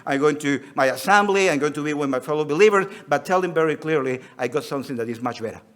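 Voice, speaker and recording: A male preacher whose accent blends Spanish with Australian. He has a somewhat high voice. He preaches in an earnest way, reading scripture and acting out the quoted lines. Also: fast, fairly bright tone. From Spanish-speaking country. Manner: earnest, reads scripture aloud and acts out quotes. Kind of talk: sermon.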